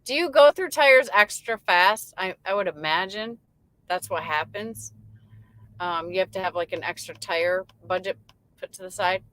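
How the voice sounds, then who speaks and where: Bright-voiced chatty woman trucker host. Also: mid-range voice, normal speed, dry recording, low-quality recording. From Michigan. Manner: chatty, reads viewer comments aloud and laughs often. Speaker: livestream host. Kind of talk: casual chat reading live comments. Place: in her truck.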